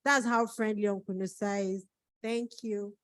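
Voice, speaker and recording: A woman's voice: mid-range voice, steady tone, moderate pace, a bit bright, no echo, low-quality recording. Tearful woman giving thank-you speech. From Nigeria. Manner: tearful, holding back crying. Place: book launch event.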